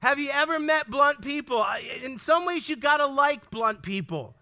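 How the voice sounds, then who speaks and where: High, bright-voiced male preacher. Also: expressive, moderate pace. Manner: emphatic, asks the congregation questions and repeats key lines; stumbles and restarts words when worked up. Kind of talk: sermon.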